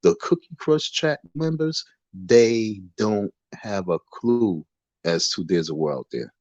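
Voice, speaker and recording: Speaking slowly into his phone from a dark bedroom, a livestream host with a lowish, darkish-toned voice delivers an animated, defiant rant, lecturing like a preacher and circling back to the same phrases. The audio is dull and lo-fi, close and dry, with no room echo.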